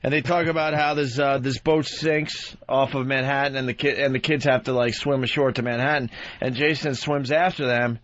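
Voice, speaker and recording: A man's voice: mid-range voice, steady tone, moderate pace, fairly bright tone, dull audio. A man co-hosting a radio show, reading from a list in a dry, matter-of-fact manner. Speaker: radio host. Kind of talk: casual radio banter.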